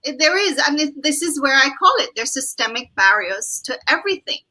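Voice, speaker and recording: A woman's voice: high-pitched, sing-song, a little fast, bright, forceful tone, poor audio. A woman from Jamaica with a Jamaican accent, speaking earnestly as a guest on an interview show and laughing easily. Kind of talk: interview conversation.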